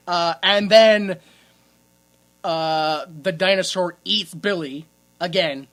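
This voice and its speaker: Male podcast co-host, bright and sharp-toned, crude and laughing through a casual movie rant. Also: high voice, slow pace, pauses often. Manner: crude, joking, laughs often while retelling scenes.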